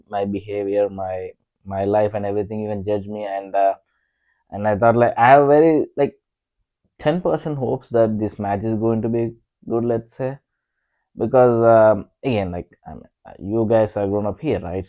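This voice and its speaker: A man's voice: lowish voice, no room sound, highs cut off. A young man with an Indian accent chatting casually as a podcast co-host, hesitant with many fillers and self-deprecating. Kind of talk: casual conversation.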